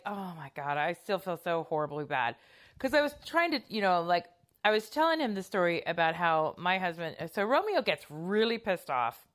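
A woman's voice: on the low side, a bit bright. A woman telling a story in casual podcast chat, rambling and self-conscious with many fillers and restarts.

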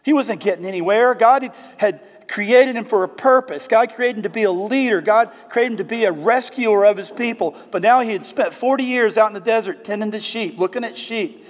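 A man pastor delivers a sermon in a church sanctuary. His voice is high and moves between emphatic preaching and soft, earnest tones. The room has a long, echoing reverb, and the recording sounds muffled. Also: fairly quick, hardly any pauses.

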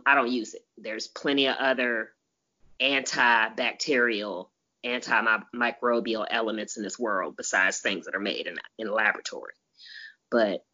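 Deep-voiced woman host ranting in casual chat, laughs a lot, kinda muffled audio. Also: sharp tone. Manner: emphatic and exasperated, laughs often. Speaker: podcast host.

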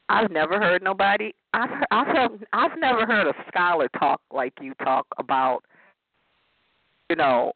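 A woman calling in to a talk program, speaking in an excitable, effusive way. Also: fairly low pitch, a little slow, dry recording. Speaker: caller. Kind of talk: call-in talk. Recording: tinny phone line.

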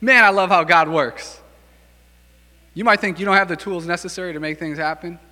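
Pastor, male, lively casual preacher with a slightly high, bright voice in a reverberant hall. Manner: animated, acts out quick voices for biblical figures. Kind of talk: casual energetic sermon.

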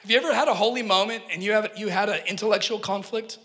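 A man's voice: high voice, quick pace, hardly any pauses, a bit bright. A man preaching a sermon in a church hall. He is earnest and emphatic, and he tells personal stories with joking asides to the congregation. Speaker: pastor. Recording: echoey hall reverb.

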